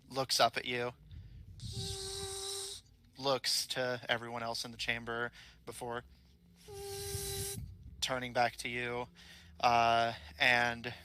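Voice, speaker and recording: Bright-voiced man narrating as game master. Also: medium pitch, dry recording. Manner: rambling narration full of ums and uhs.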